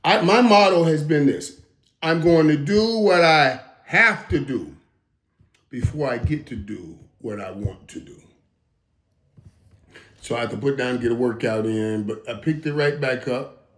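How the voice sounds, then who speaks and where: A man in his fifties hosting a casual reaction monologue, talking emphatically with stammered restarts and dropping into low mutters. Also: a little slow, a bit bright. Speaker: host. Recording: roomy echo.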